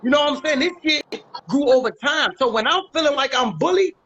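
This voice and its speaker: A man's voice: very high-pitched, animated, a little fast, fairly bright tone, muffled recording. A man with a Washington, D.C. accent, speaking emphatically as an interview guest, repeating phrases and using heavy street slang. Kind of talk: casual interview talk.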